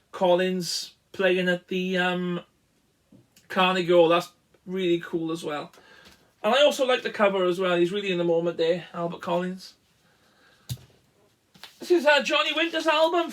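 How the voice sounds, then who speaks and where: A man's voice: high-pitched, a bit bright. A man, a guitarist, casually showing his vinyl records and rambling through track lists with plenty of ums and uhs. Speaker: musician, guitarist. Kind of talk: casual show-and-tell.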